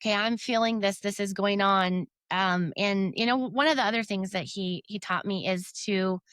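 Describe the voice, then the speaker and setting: Woman, podcast guest, earnest, rambling, filler-heavy, mid pitch, dry recording. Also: moderate pace, a bit bright, smooth, no echo. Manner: earnest, rambling with many fillers and self-quotes. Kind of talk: faith-based conversational interview.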